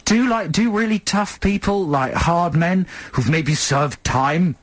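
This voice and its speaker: A man's voice: sits high, slow pace, no room sound. A man co-hosting a radio show, chatting casually with lots of laughter. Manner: chatty, lively banter with frequent laughs. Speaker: radio co-host. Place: radio studio.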